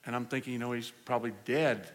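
A man preaching at a healing service, telling stories in an animated way and laughing along with the congregation. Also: mid-range voice, fast. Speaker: evangelist. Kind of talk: storytelling sermon. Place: church service. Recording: hall reverb, faint room noise.

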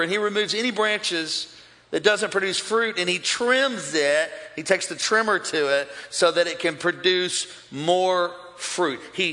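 High-voiced bright pastor preaching loudly. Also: male voice. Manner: energetic, addresses crowd, builds to shouting. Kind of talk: sermon. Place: large church with overflow campuses. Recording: long hall reverb.

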